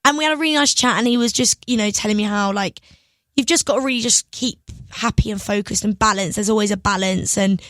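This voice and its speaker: A young woman, a singer, telling stories in an excitable, giggly way as a radio guest. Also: medium pitch, quick pace, no room sound. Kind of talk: casual interview chat. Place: radio studio.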